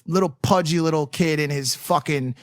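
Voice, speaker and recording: A man's voice: on the high side, moderate pace, no room sound, studio quality. A man on a podcast, telling a rambling, self-mocking comedic story. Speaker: podcast co-host.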